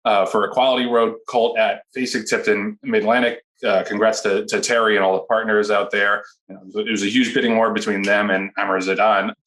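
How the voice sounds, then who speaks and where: A man's voice: fairly low pitch, flat delivery, a little fast, hardly any pauses, a bit bright. A man hosting a podcast, talking casually and with opinions, often restarting his sentences. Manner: rambling, many restarts, opinionated. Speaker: podcast host. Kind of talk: casual panel discussion.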